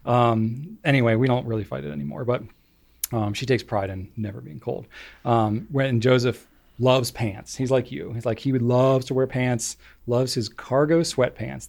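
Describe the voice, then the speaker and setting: A man's voice: medium pitch, moderate pace, creaky, darkish tone. Rambling, chatty male podcast co-host. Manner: rambling, full of "like" fillers. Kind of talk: casual chat.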